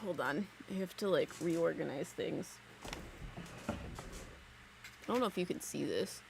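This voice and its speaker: A woman's voice: sits low, a little slow, gravelly, noisy background. A woman casually chatting while giving a live psychic reading at her desk at home, talking freely and laughing between thoughts. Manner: chatty, giggly, lots of "like" fillers. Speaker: psychic medium streamer. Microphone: desk mic on a live stream.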